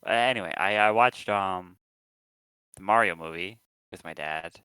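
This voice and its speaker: A low-voiced man co-hosts a podcast, speaking unhurriedly in a sharp yet smooth tone. He chats casually and rambles, full of ums and restarts. The recording is dry and low in quality.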